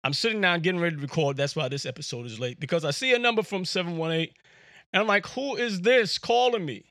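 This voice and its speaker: Animated, high-voiced male podcast host. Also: fast talker, dry recording, studio quality. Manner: animated, slangy, repeats words. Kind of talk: casual storytelling monologue.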